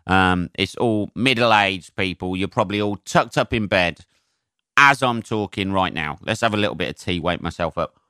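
A man's voice: low voice, moderate pace, sharp tone, clean tone, dry recording. A man, a comedian hosting his own podcast, chatting on his own in a rambling, sweary way with lots of ums, close to the mic. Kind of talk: casual solo podcast monologue.

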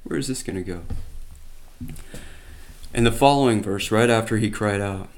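A man's voice: lowish voice, normal speed. A man teaching from the Bible by retelling it as a story, with conversational asides and emphatic quoted lines.

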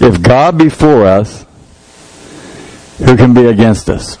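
A man's voice: mid-range voice, expressive, slow, mellow, low-quality recording. A man giving an informal, folksy sermon, joking about himself and reading scripture aloud. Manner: folksy, jokey, laughs at himself, quotes scripture. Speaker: lay preacher.

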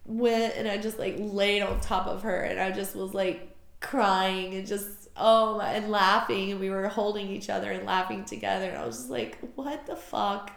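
Female podcast host, gravelly, emotional and rambling storyteller, roomy sound. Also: medium pitch, little pitch movement, moderate pace. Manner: emotional, rambling, heavy use of filler "like". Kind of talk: personal storytelling monologue.

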